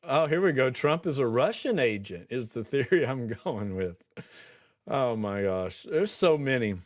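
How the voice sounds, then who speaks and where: A podcast host is livestreaming, chatting casually and in a rambling way with viewers as he reads their comments. He laughs a lot and keeps restarting his sentences. His voice is medium-pitched, animated and unhurried.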